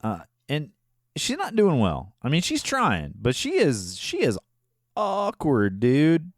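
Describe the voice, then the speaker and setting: A man co-hosting a podcast, recapping a movie in casual chat, often laughing and dropping into quick character voices. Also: a little high, huge pitch swings, no room sound, clean studio sound. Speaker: podcast co-host.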